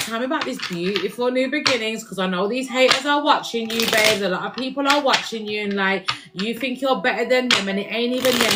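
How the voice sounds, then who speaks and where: A woman giving a casual spiritual reading to her viewers, chatty and laughing, sometimes swearing and slipping into slang. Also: fairly low pitch. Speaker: spiritual reader.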